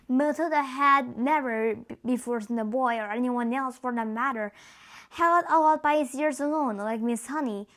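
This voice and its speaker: Woman narrator, high voice, steady read-aloud. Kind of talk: reading a novel aloud.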